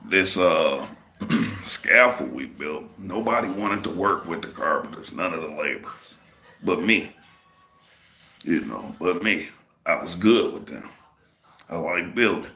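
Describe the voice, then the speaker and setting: Man, very low voice, gravelly, bright, profane rambling storyteller, livestream host. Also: expressive, unhurried, pauses often, soft background music. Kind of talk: casual storytelling.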